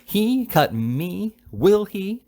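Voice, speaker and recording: A man's voice: high-pitched, sing-song, extremely slow, warm tone, pitched above the performer's own voice, heavily acted. A man reading aloud, voicing an agitated older spinster aunt who is easily upset. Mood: outraged. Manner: indignant, plaintive.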